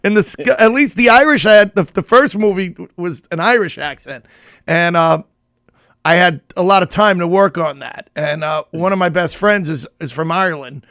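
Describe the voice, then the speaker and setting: A man's voice: sits high, moderate pace, fairly bright tone, no echo, studio quality. A middle-aged man co-hosting a casual comedy chat, rambling with restarts and laughing often. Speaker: comedian co-host.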